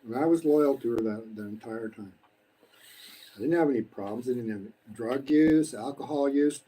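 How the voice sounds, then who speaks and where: A man's voice: mid-range voice, moderate pace, warm tone, a little hiss or hum, low-quality recording. A man in his sixties from the United States, talking bluntly and preachily in a casual live-stream while eating, swearing freely. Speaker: vlogger. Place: home in the Philippines.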